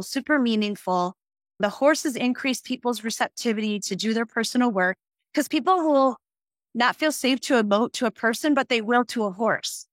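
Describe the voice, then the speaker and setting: A middle-aged woman guest telling a personal story on a podcast in an earnest, increasingly animated way. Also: fairly high pitch, no room sound, clean studio sound. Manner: earnest, growing excited and animated.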